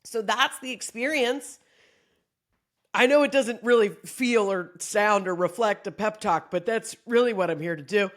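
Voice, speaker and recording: A woman's voice: mid-range voice, measured pace. A woman comedian delivering a casual motivational monologue, joking and swearing freely as she talks. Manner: profane, joking, animated. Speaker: comedian giving a pep talk.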